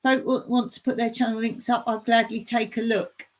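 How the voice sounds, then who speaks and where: A woman's voice: a little high, level tone, normal speed. A woman hosting a casual live stream from her home in the countryside, chatting in a rambling way and reading viewer comments aloud. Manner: chatty, rambling, reads viewer chat aloud and laughs often.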